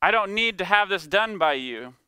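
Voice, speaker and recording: A man's voice: sits high, animated, moderate pace, sharp tone, clear, resonant tone, no room sound, voice pushed up, full character voice. A man voicing an outspoken male disciple who insists in a raised, protesting voice.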